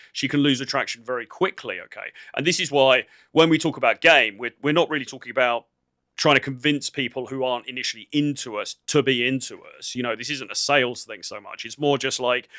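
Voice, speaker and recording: A man with a bright, forceful voice hosts a dating advice channel and reacts to a clip. He talks like a coach, relaxed and filler-heavy, and the sound is dry and close. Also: medium pitch, a little fast, no echo. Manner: conversational and coaching, many "you know" fillers.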